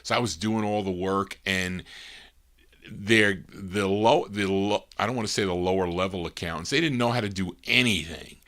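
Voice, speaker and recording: Brief: male record-show host, low-pitched but bright voice, chatty storyteller who animates quoted dialogue. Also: normal speed. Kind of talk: casual storytelling between records.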